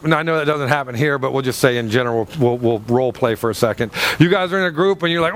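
A man's voice: mid-range voice, quick pace, hardly any pauses, a bit bright, a little hiss or hum. A male pastor preaching a sermon in a church, firing rhetorical questions with dramatic swings in his delivery.

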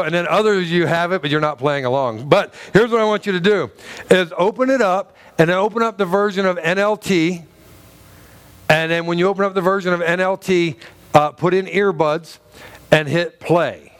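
A middle-aged man preaching a sermon as pastor, chatty and joking, with frequent restarts and laughs. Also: fairly high pitch.

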